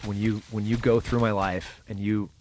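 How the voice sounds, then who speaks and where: Middle-aged man, lowish voice, halting storyteller, lots of fillers, faint background noise. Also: little pitch movement, darkish tone. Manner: halting, full of fillers and restarts. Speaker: guest. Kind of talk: casual interview storytelling.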